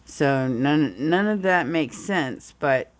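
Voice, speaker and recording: A woman's voice: sits low, lively intonation, slow pace, a little hiss or hum. A woman reading tarot cards in a casual, meandering way, a little under the weather with a groggy morning voice. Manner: meandering, talks through the cards as she goes. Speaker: tarot reader.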